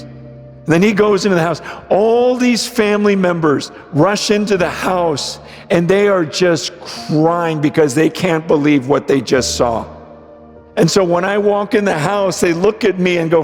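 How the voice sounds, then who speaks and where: Male preacher, high voice, unhurried, hushed-to-shouted delivery, long hall echo with soft music underneath. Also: animated. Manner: dramatic swings from hushed to shouted. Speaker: pastor. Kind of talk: sermon storytelling.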